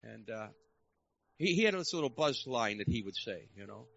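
Gravelly older male preacher. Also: on the low side, very animated, moderate pace, fairly bright tone, no room sound, muffled recording. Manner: earnest, rising to fervent exhortation. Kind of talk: storytelling sermon. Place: church service hall.

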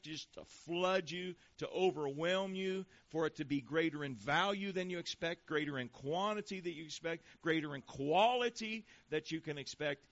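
A man's voice: fairly high pitch, fairly bright tone. Man preaching a sermon, muffled recording. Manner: preaching, reads scripture slowly with emphasis. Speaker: pastor. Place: church before a congregation. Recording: dull lo-fi sound.

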